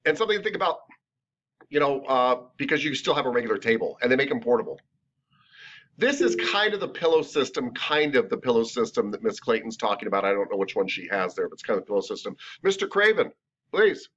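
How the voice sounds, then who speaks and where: A man teaching a massage therapy class in a chatty, animated, jokey way. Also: medium pitch, quick pace. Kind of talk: classroom lecture. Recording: lo-fi recorded lecture.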